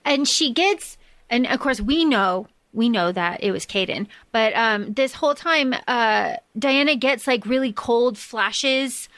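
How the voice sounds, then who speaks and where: A woman's voice: on the high side, unhurried, fairly bright tone, no echo. A woman co-hosting a book podcast, chatting casually with lots of fillers and the odd swear. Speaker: podcast co-host.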